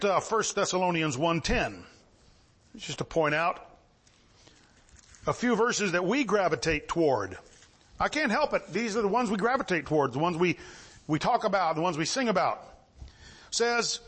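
A high-voiced male preacher delivering a sermon with lots of movement in his delivery. He reads old-fashioned scripture in a measured tone, then climbs into excited, ringing exclamations. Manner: animated, swings from low reading to high exclamations; reads scripture in King James wording.

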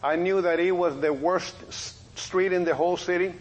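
At a moderate pace and in a high voice, a middle-aged man who serves as both police officer and preacher recounts his testimony in a sermon. He tells it folksy-style, acting out quoted dialogue with energy, over a rough recording.

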